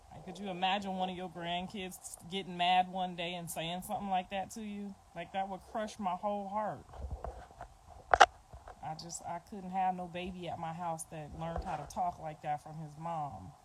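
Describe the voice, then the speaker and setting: A woman's voice: fairly low pitch, steady tone, normal speed, heavy background noise. A middle-aged woman and grandmother talking bluntly and emphatically to viewers on a livestream, repeating her points. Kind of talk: casual livestream talk to viewers.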